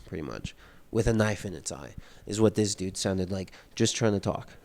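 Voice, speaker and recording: Young guy with a lowish voice, reading a book out loud and riffing on it, slangy and swears a lot. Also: expressive, moderate pace, gravelly. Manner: loose, rambling, slangy and profane, reading passages aloud then paraphrasing. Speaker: book reader and commentator. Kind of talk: casual book read-through with commentary.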